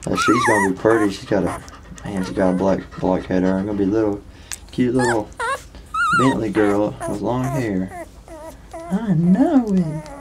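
A man's voice: on the low side, wildly swooping pitch, normal speed. A man breeding dogs, giving a casual home video update in an easygoing, folksy way and chatting to the dogs between remarks. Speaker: dog breeder. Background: dogs and household noise.

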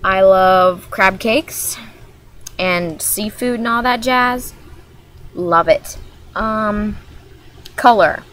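A woman's voice: medium pitch, extremely slow, pauses often, a bit bright. Hyper, rambling young woman vlogger. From Maryland, USA. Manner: hyper, rambling, jumps between topics. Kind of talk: casual vlog chat.

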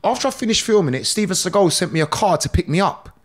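A middle-aged man tells stories as a podcast guest. His voice sits high, and his delivery is lively and slangy, with laughs between lines. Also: fast. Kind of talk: animated storytelling.

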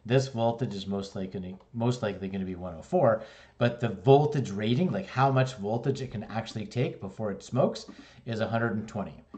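A man from Canada with a somewhat low voice teaches a hands-on electrical lesson. He talks conversationally and explains step by step, tossing in quick "right?" and "okay?" checks. He sounds middle-aged and relaxed in front of his students. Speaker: electrical instructor. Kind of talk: casual classroom lesson.

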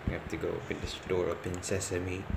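A man talking to himself as he plays a horror game, excitable, repeating words and calling out what he finds. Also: deep voice, brisk, creaky, very noisy. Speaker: gamer. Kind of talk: let's play commentary.

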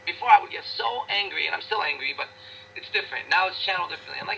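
Man, interview guest, blunt, profane, emphatic, very forceful bright tone. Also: high voice, animated, racing, gravelly, a little hiss or hum, rough recording. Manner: repeats words for emphasis. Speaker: interview guest, business owner. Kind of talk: casual interview talk.

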